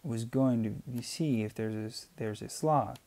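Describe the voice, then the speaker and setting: A man voicing a curious, eager eight-year-old girl on a family trip in an audiobook reading. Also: natural voice. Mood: playful. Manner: high, excited, quick questions.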